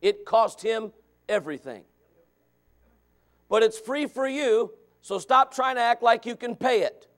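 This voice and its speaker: High-voiced preacher, loud to quiet. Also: male voice, animated, measured pace, long pauses. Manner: conversational preaching, shifts from quiet asides to shouts. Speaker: pastor. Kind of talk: sermon.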